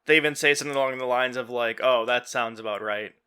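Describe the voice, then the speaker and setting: Bright, clear-voiced man recapping a movie. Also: medium pitch, quick pace. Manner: retells scenes quoting characters in a loose, offhand voice; heavy use of fillers like "you know" and "like". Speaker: podcast host.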